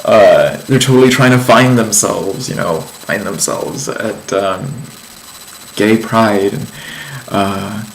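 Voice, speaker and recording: A man's voice: fairly low pitch, slow pace, gravelly, slight background noise, low-quality recording. A man giving a casual vlog life update, telling a story in a chatty, meandering way with lots of ums and likes. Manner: amused storytelling. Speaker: vlogger.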